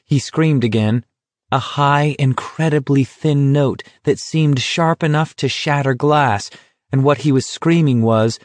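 A man reading an audiobook in steady, measured scripted narration. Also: medium pitch, dry recording.

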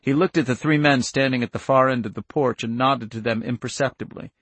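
A man reading a novel aloud as narrator, steady and measured with tense build. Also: mid-range voice, slightly rough, dry recording. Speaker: audiobook narrator. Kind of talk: scripted narration.

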